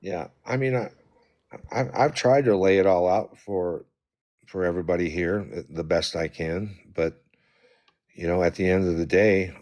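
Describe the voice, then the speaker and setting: Deep-voiced man, calm and conciliatory. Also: normal speed, muffled recording. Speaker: discussion participant. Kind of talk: debate in a group discussion.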